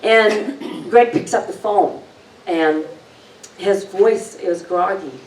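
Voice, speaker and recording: An older woman presenting a workshop, telling a personal story in an unhurried, chatty way and then leading a guided relaxation. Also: medium pitch, darkish tone. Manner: unhurried, chatty, with laughs and acted-out quotes. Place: community hall. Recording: roomy hall, far from the mic, faint noise.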